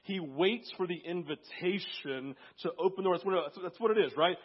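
A man's voice: sits high, moderate pace, slightly rough, lo-fi sound. A man preaching a conversational sermon, telling a story and acting out quotes, a little sick that day. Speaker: pastor.

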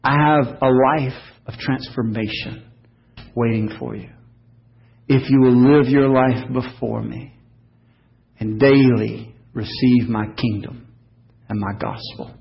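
A man voicing Jesus as a calm, assuring man, speaking softly and in a hushed way, heard on a dull, lo-fi recording. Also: medium pitch, slow pace, creaky, long pauses, pitched below the performer's own voice. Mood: tender assurance. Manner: soft and hushed.

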